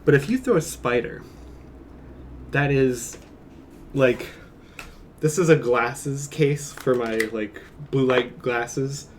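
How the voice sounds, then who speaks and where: A man's voice: medium pitch, slow pace, pauses often, slight background noise. A man streaming from home, chatting casually in a rambling, jokey way and chuckling often. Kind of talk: casual live-stream chat.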